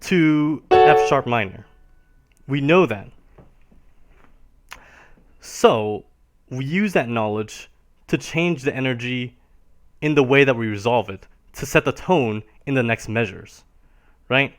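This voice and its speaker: A man with a mid-range voice teaches piano on a live stream, taking it slowly with long pauses. He explains ideas patiently and checks in by ending nearly every phrase with a questioning "right?".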